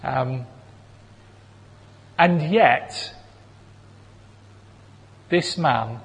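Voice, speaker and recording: A man preaching a sermon, animated and acting out voices of people in the stories he tells. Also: mid-range voice, drawn-out words. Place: church hall. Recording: long reverb of a large hall.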